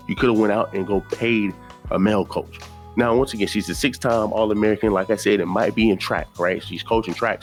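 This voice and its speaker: A man with a lowish voice talks through a reaction video in a loose, opinionated way. He circles back to his points and repeats them. Faint music plays underneath. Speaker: commentary YouTuber. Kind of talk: casual reaction commentary.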